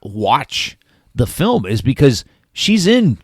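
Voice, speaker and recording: A man from Florida co-hosting a casual film review, speaking haltingly with many fillers and restarts. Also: medium pitch, very animated, no echo, clean studio sound. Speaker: podcast co-host.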